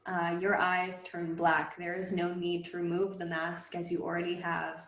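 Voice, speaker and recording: A woman narrating a tabletop game as game master, slow and halting with many fillers. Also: on the low side, completely flat delivery, fairly bright tone, echoey room, poor audio.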